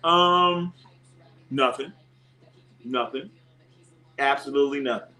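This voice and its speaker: A man hosting a casual live sports stream, talking to chat with animated bursts of excitement. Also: slow. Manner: animated, jumps into high excited shouts.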